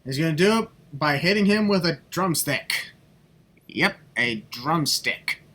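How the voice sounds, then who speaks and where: A man's voice: fairly high pitch, expressive, measured pace, bright, forceful tone. A man hosting a podcast in casual, joking, rambling chat. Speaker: podcast host.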